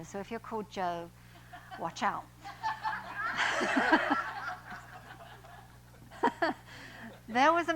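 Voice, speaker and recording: A woman's voice: mid-range voice, fairly bright tone, a little hiss or hum, poor audio. A woman who works as a personal trainer, giving an inspirational church talk in a chatty way and often laughing at her own lines. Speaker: guest speaker and personal trainer. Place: church sanctuary.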